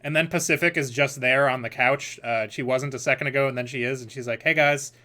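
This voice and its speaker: A man narrating as game master in a casual, halting way, laughing now and then. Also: medium pitch, fairly even intonation, pushed and bright.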